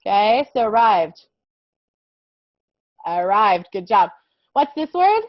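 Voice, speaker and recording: A young woman leads a vocabulary lesson for little kids, talking very slowly and patiently with a sing-song lilt. She keeps checking in with the children after almost every phrase. The sound is close and dry, and a bit dull and lo-fi. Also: mid-range voice, very animated, dry recording. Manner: slow, patient, sing-song teacher talk with frequent "okay?" checks. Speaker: kindergarten English teacher.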